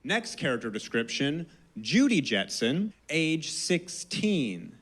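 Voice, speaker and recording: A man's voice: a little high, sing-song, takes it slowly, fairly bright tone, slightly rough. A male stand-up comedian building a joke step by step with a wry tone. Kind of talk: stand-up routine.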